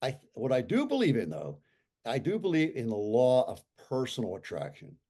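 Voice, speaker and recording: A man in his sixties, a guest on an interview, who talks in an animated and emphatic way and repeats his points for effect. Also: medium pitch, moderate pace. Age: 60s. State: recovering from a stroke. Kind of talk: casual conversational talk.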